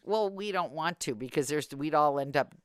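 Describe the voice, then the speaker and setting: A woman's voice: low-pitched, animated, moderate pace, clean tone, no room sound, studio quality. A woman hosting a podcast in casual chat, telling wry stories and acting out quotes. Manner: wry, storytelling with acted-out quotes. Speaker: podcast host.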